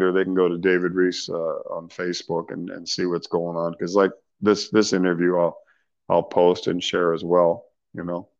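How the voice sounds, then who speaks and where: Low-voiced man telling road stories. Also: dull audio. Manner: animated storyteller with laughs, slang and restarts. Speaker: interview guest, singer. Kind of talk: casual storytelling interview.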